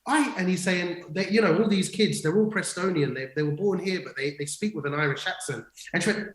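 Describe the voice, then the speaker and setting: A man's voice: sits high, a little fast. Guy chatting on a livestream, keen and rambly, um-heavy, echoey room. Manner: enthusiastic storytelling with many fillers and restarts. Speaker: co-host. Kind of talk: casual livestream chat.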